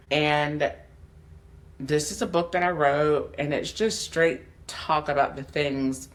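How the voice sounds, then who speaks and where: A woman's voice: sits low, fairly bright tone. A woman life coach hosting her podcast, speaking candidly and emotionally and addressing her listeners directly. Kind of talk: personal motivational podcast monologue.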